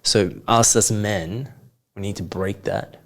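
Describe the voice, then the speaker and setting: A man in a reflective coaching conversation, asking probing questions and then calmly explaining patterns. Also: fairly low pitch, takes it slowly. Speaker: coach, podcast guest.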